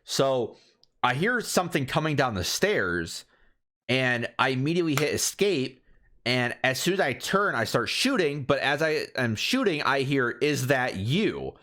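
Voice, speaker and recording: A man in casual podcast chat, walking through a gaming story blow by blow. His voice is bright and forward, and his pitch moves a lot. He talks at an ordinary pitch with an easy, animated flow. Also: normal speed. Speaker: podcast co-host.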